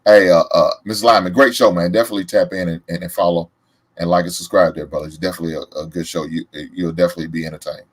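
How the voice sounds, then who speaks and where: A man with a Southern accent from the American South hosts a reaction show, giving casual, emphatic commentary. He talks fast in a low voice, animated and laughing loudly.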